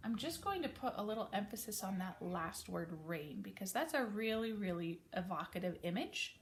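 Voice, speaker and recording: A woman's voice: medium pitch, animated, moderate pace, hardly any pauses, a little hiss or hum. A woman giving a casual piano lesson, explaining chords plainly and correcting herself now and then. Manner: casual, friendly explaining with small self-corrections. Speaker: piano teacher. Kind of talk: relaxed spoken piano lesson. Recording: piano playing between talk.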